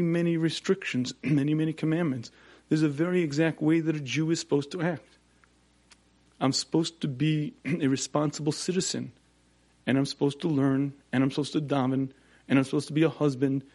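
A man giving a Torah lecture, building points with rhetorical questions and repetition and clearing his throat often. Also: on the high side, steady tone, a little fast, darkish tone. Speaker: religious teacher.

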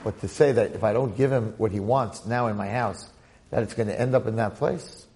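Gravelly man giving an animated Torah class. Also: on the low side, fairly quick, a little hiss or hum. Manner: animated storytelling with repeated phrases and acted quotes. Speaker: rabbi teaching the weekly Torah portion.

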